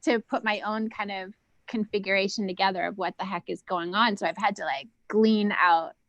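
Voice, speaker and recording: A woman speaks as a guest in a relaxed video call, rambling through her thoughts with many fillers and sometimes lowering her voice almost to a whisper. Her pitch sits in an ordinary middle range. The sound is dry, with no room echo at all. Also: normal speed, highs cut off. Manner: rambling, lots of "like" and "um", drops to a hush at times. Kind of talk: casual video call chat.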